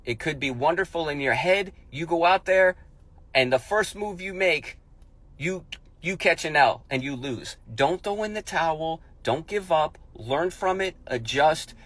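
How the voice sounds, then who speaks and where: A man's voice: on the high side, expressive, unhurried, a bit bright, no echo. Emphatic man giving a pep talk. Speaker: motivational speaker. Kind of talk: motivational monologue.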